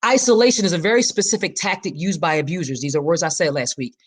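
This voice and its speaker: This podcast host is a woman in her forties with a fairly low, slightly rough voice and a fast delivery. Reflecting on personal matters, she preaches with emphasis and circles back to the same key lines.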